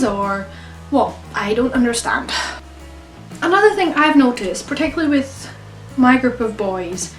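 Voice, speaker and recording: A young woman with a cold, talking casually in an exasperated, questioning vlog monologue. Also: high-pitched. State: has a cold. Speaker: vlogger. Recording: roomy, from a distance.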